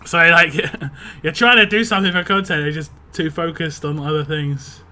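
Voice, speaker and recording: A young man chats through a game livestream in a loose, rambling way, laughing a lot and reading chat out loud. A recent drink has left his voice slightly rough, though his bright, forceful, somewhat high tone holds steady at a normal speed.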